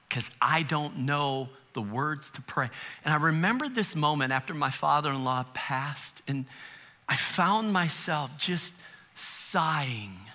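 Middle-aged guy preaching, chatty and joking, throws questions at the crowd, super bright punchy tone, a bit high. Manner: conversational, humorous, rhetorical questions. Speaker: pastor. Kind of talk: sermon.

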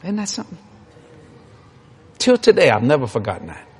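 A man's voice: on the high side, wildly swooping pitch, a little fast, a little mellow, husky. A man preaching a sermon, telling folksy stories in an emphatic way.

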